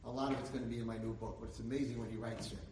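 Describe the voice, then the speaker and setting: A man giving an inspirational Torah lecture, telling a story and building to loud, emphatic peaks. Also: mid-range voice, flat delivery, rapid-fire, far from the mic, background noise. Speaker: rabbi lecturer. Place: lecture hall. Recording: echoey hall, speaker away from mic.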